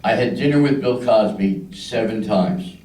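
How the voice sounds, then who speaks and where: A man's voice: fairly low pitch, a little slow, dark tone, far from the mic. Older male comedian from Philadelphia, roomy stage. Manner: crude storytelling with voices for characters. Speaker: stand-up comedian. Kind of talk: stand-up routine. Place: club stage.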